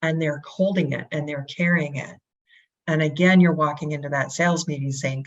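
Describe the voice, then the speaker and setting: A woman speaking as a guest in an interview, energetic, asking rhetorical questions and acting out quotes. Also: deep voice, moderate pace. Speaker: real estate brokerage guest. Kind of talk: animated interview talk. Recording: dull lo-fi audio.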